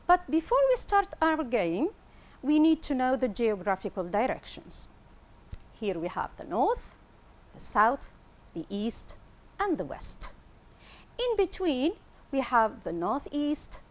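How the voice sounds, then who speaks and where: A woman teaching an English lesson on television, explaining slowly and clearly and repeating words for pronunciation. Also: fairly high pitch. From Tunisia.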